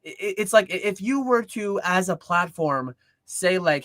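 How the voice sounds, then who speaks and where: Bright-voiced man rambling through a livestream. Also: high-pitched, lively intonation, normal speed, no echo. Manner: rambling with frequent restarts and "like"; earnest explaining. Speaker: co-host of a card-collecting livestream. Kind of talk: casual livestream chat.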